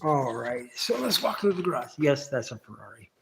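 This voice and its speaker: Against a noisy background, a man with a creaky, mid-range voice talks very animatedly at a moderate pace. He's a livestream host in his home garage, filming himself on a phone and rambling with plenty of questions for absent viewers.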